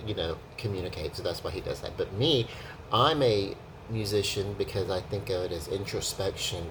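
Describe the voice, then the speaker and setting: A man's voice: deep voice, background noise. A man vlogging about being a musician in casual chat, rambling and self-deprecating, with no separate microphone. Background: acoustic guitar playing.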